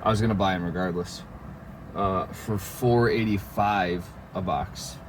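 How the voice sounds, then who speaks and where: A low-pitched man talks to his viewers in a slow, unhurried ramble, full of filler words and the occasional curse. The recording is noisy, with vehicle sounds running underneath. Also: steady tone. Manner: rambling, filler-heavy, swears and laughs. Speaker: vlogger. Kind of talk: casual chat to camera.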